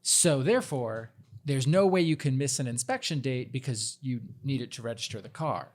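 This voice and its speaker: A man's voice: mid-range voice, moderate pace. A man from Indiana co-hosting a comedy podcast, explaining a point in casual chat. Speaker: podcast co-host.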